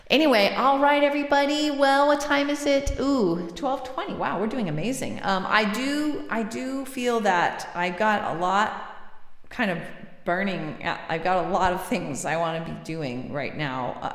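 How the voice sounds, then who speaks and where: A woman's voice: medium pitch, roomy sound, long reverb tail. A woman hosting a music livestream, chatting casually with viewers in a self-deprecating way and laughing easily.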